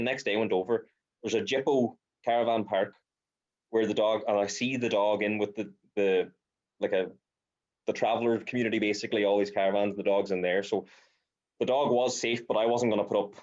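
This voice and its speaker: A man's voice: fairly low pitch, brisk, a little mellow, highs cut off. A man hosting a podcast, chatting casually and acting out quotes while he tells stories. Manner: storytelling with mimicked quotes, chatty. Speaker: podcast host. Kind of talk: casual chat.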